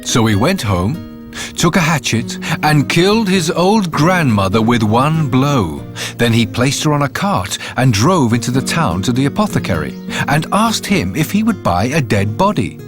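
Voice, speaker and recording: A man narrating a fairytale in an expressive, animated reading. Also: medium pitch, normal speed. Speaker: storyteller. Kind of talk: storybook narration. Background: faint music.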